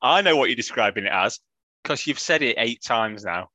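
A man's voice: medium pitch, animated, normal speed, sharp tone, no echo. A man from England co-hosting a casual football podcast, laughing often and ending lines with tag questions. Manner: laughing, tags questions, self-mocking. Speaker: podcast co-host.

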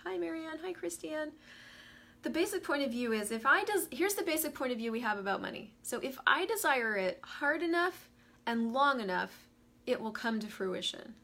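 A woman's voice: sits high, animated, moderate pace, gravelly, a bit bright. A woman hosting a live coaching stream, talking animatedly, laughing and greeting viewers as she goes. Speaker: host of a live money coaching show.

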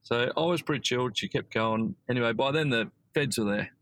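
A man's voice: medium pitch, a little fast, fairly bright tone, dry recording, poor audio. A man with an Australian accent, a podcast guest telling a long story casually, rambling with many fillers and restarts.

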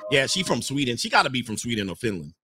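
A male host giving joking, animated reaction commentary and laughing often. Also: medium pitch, quick pace, breathy edge, dry recording, clean studio sound, soft background music.

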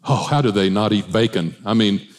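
A man preaching as a pastor, animated, with changing pace, asides and humor. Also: lowish voice, a little fast. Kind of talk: sermon.

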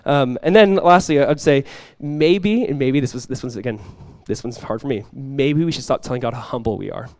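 A man's voice: mid-range voice, a little fast, hardly any pauses, darkish tone, no room sound. A young adult male pastor giving a conversational sermon, joking and acting out little quotes.

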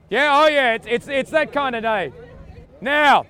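High-voiced Australian man doing grandiose tour-guide patter. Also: a little slow, pushed and bright. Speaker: comedian leading a mock street tour. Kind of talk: improvised street comedy. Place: busy city street outdoors.

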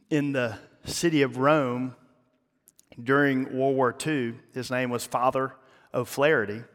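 Man preaching in a reverberant hall. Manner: dramatic, dropping to hushed low lines at emotional peaks. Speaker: pastor. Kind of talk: sermon storytelling.

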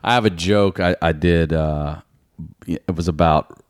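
A comedian telling a profane story on a podcast, acting out the people in it. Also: male voice, low voice, unhurried, clear, resonant tone. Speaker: comedian guest.

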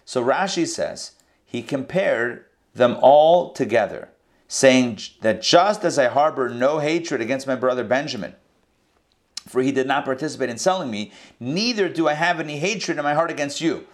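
A man teaching a scripture lesson verse by verse, in a conversational way with quick asides and restarts. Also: mid-range voice, animated. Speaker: Torah teacher. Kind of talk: casual verse-by-verse Bible lesson.

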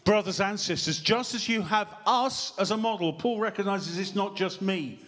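A man preaches to his congregation, his voice sitting a little high for a man. He is lively and jokes as he goes, quizzing the people in front of him. He speaks into a handheld mic in a church. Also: moderate pace. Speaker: pastor. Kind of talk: sermon. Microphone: handheld microphone.

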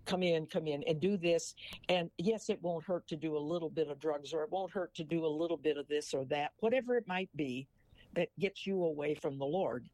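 A man's voice: a little high, brisk, darkish tone, no echo. Older man telling a folksy story. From Missouri. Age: 80s. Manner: folksy storyteller who ends a joke with a moral. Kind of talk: casual chat.

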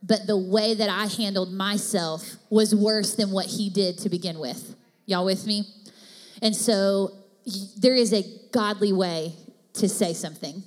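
A woman's voice: medium pitch, steady tone, unhurried. Chatty woman speaking in a church hall. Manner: chatty, encouraging asides. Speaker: pastor's wife, co-speaker. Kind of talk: sermon with couple's banter. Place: church auditorium. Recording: long reverb of a church hall.

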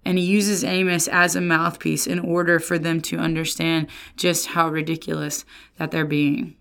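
A woman pastor giving a casual Bible lesson, lively and often slipping into sarcastic quoted voices. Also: sits low, moderate pace, vocal fry, clean tone. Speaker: pastor and resident theologian.

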